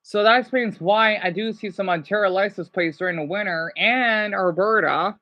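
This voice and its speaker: A man's voice: sits high, moderate pace. A man in his thirties rambling through casual vlog commentary while riding in a vehicle. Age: 30s. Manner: rambling, chatty, self-correcting. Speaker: vlogger. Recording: dull, lo-fi recording.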